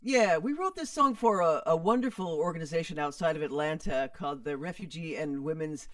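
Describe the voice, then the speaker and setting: A woman musician being interviewed, speaking quietly and thoughtfully with pauses. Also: low-pitched, no echo, distant mic. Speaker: musician guest. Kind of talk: conversational interview.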